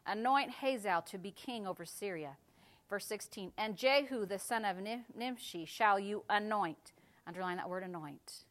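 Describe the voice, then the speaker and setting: A woman pastor preaching a sermon, dropping to a hush and then building to loud, fervent exhortation. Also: medium pitch.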